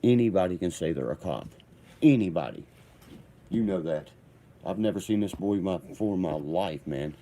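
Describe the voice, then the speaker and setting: Brief: man, deep and mellow, combative vlogger telling a rambling story. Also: lively intonation, moderate pace.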